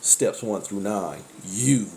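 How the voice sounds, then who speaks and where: A man's voice: on the low side, takes it slowly, dark tone, a little hiss or hum. Blunt, profane man exclaiming constantly. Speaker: tarot reader. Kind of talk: casual spiritual monologue.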